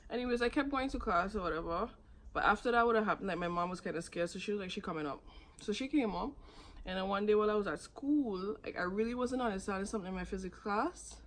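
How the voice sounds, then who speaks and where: A woman's voice: fast talker, fairly bright tone. A young woman, casually telling her own story to camera and acting out what others said. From Saint Martin. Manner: chatty, acts out others' lines with sudden high jumps. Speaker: vlogger.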